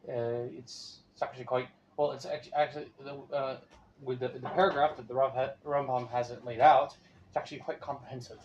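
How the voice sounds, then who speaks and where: A man's voice: mid-range voice, flat delivery, fairly quick, darkish tone, dull audio, a little hiss or hum. A man, a student, who cuts in eagerly and rambles through his point with restarts. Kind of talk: chatting in class.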